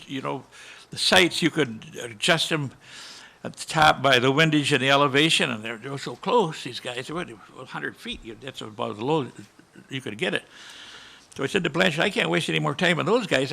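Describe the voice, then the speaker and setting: A man's voice: a little high, creaky, bright, forceful tone. A man in his eighties, a war veteran on a panel, telling a live audience a vivid battle story and sounding out the gunshots himself. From United States. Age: 80s. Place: conference hall panel.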